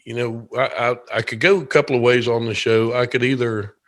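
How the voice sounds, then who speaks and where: A man's voice: mid-range voice, steady tone, fairly quick. A man from Georgia, hosting a casual interview show and talking in an easygoing, rambling way. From Georgia, USA. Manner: easygoing, rambling, many fillers. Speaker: podcast host.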